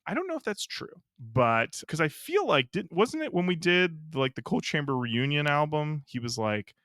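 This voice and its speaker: A man's voice: on the high side, big pitch swings, moderate pace, few pauses, fairly bright tone, dry recording, clean studio sound. A male podcast co-host chatting casually and reading listener comments aloud in a laid-back way. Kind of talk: casual music podcast chat.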